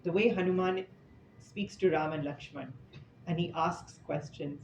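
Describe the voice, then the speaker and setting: A fairly high-pitched man talks a little slowly, keeping his tone steady. It's an informal scripture talk given to an audience in an indoor room, full of chatty storytelling and casual asides. The sound is echoey and slightly dull, with a bit of faint noise.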